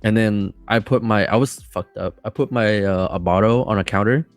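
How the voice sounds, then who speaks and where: A man as a podcast guest telling a story casually, rambling and excited, with many fillers and restarts. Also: fairly low pitch, moderate pace, no room sound, soft background music.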